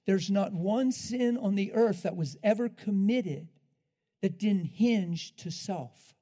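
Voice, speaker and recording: A man preaching a sermon in an animated way, laughing often and swinging between loud, drawn-out lines and hushed ones. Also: sits high.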